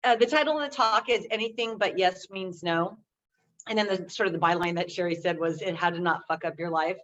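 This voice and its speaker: A woman's voice: on the low side, fairly quick, fairly bright tone. A woman checking in on a casual video call, enthusiastic and rambling with many fillers. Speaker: group member on a call. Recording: dull lo-fi call audio with faint noise.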